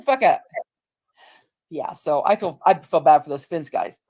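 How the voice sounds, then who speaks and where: A woman's voice: deep voice, expressive, a little slow, darkish tone. A woman, co-hosting a livestream in casual, profane, mocking chat, acting out other people's words. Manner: profane, mocking, acts out quotes. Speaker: livestream co-host.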